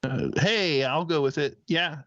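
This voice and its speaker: A man's voice: a little high, a little slow, a bit bright, no echo. A man co-hosting a talk show, speculating as he rambles and hedges. His voice sits mid-range. The sound is dry and a bit dull, like a remote call line. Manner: rambling, hedging with fillers, speculative. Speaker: co-host. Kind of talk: casual radio-show chat.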